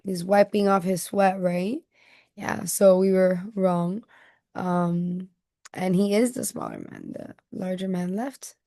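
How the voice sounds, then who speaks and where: A woman teacher reading a picture book aloud to children and stopping often to ask them gentle questions. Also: fairly low pitch, big pitch swings, takes it slowly, gravelly, no room sound, clean studio sound. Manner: gentle questioning, checking in with listeners.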